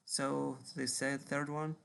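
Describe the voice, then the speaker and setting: A man with a very gravelly, creaky voice and a flat, even delivery. He teaches a one-on-one English grammar lesson, patiently repeating words and nodding along with short affirmations. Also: medium pitch, slow.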